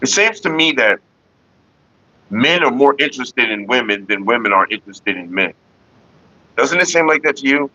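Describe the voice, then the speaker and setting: A middle-aged man hosting a casual livestream, talking in a rambling, profane way with animated retellings. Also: medium pitch, normal speed, long pauses, lo-fi sound. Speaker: livestream host.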